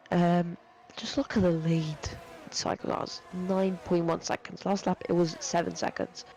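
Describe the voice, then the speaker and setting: Young dude calling an online race, high voice, lots of ums and restarts. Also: male voice, darkish tone, a little hiss or hum, rough recording. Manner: rambling, filler-heavy, self-correcting. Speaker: sim racing commentator. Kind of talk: live esports race commentary.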